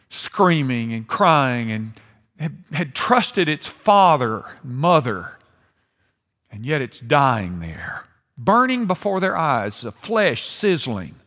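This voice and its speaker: Older man, pastor preaching, lively rising and falling pitch, gravelly voice, long reverb. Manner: impassioned, swings between hushed and emphatic. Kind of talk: sermon.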